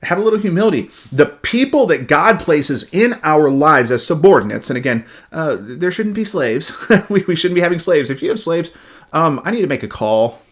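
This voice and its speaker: A man giving a devotional Bible talk in an animated way, often repeating words as he starts a thought. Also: on the high side, normal speed. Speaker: Bible teacher.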